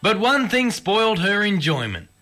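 A man reciting a comic rhyming bush poem in an animated storytelling manner. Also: sits high, moderate pace, soft background music.

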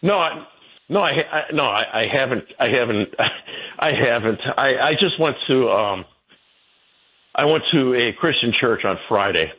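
A man in his sixties, a guest telling stories in a rambling way, his pitch jumping about as he goes. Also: lively intonation, measured pace, husky. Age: 60s. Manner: rambling storyteller, jumping pitch, laughs between. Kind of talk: casual interview talk. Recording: tinny phone line.

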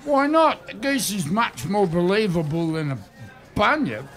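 A man's voice: high-pitched, very animated, unhurried, fairly bright tone, some chatter behind, full character voice. An actor playing Baz, an eager man who blurts wild theories and stubbornly defends them. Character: male Baz, gullible believer in ghosts and bunyips.

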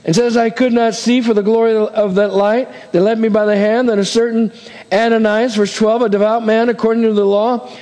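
Male pastor, sermon delivery, animated and dramatic, slightly high voice, long church reverb. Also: a little fast. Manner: animated, acts out scripture voices. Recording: hall reverb.

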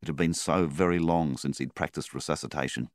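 A man reading a story aloud in calm, measured audiobook narration. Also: a bass voice, no echo, clean studio sound. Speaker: story reader.

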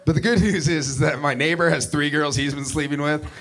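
A man performing a stand-up routine, animated and self-mocking. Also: on the high side, fairly quick, a crowd in the background. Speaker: stand-up comedian.

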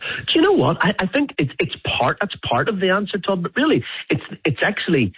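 Man, Northern Irish accent, chef, husky voice, rambling and keen, tinny phone line, dry. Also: high voice, huge pitch swings, fairly quick, no room sound. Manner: enthusiastic, rambling with restarts. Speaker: chef and guest. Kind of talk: radio interview.

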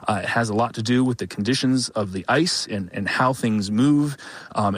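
Low-voiced male field reporter, dry sound. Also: husky, no room sound. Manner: measured, with some fillers and restarts. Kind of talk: live news report. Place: outdoors near a flood zone.

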